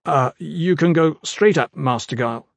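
A man voicing a nervous, fussy male librarian in an audiobook, pitched higher than his narration and stammering. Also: normal speed, creaky, no echo. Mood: flustered. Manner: flustered, stammering.

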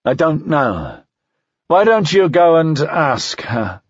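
A man voicing a bitter, defiant conspirator near death, his words slurred and slow in an audiobook reading. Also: lowish voice, very animated, breathy edge, dry recording, dull audio, exaggerated voice. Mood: fading. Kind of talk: audiobook character voice.

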